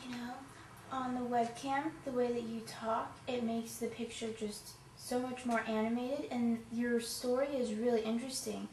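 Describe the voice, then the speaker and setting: A woman friend asking interview questions in a soft, encouraging way. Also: on the high side, steady tone, normal speed. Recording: echoey room, distant mic, faint background hiss.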